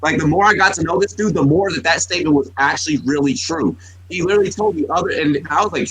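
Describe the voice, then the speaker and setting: A man in his thirties from the United States co-hosts a sports podcast, his husky voice slightly raised, on the high side, a bit bright and quick. He tells long, profane stories and keeps backing up to restart sentences. The close mic gives a dry, low-quality recording.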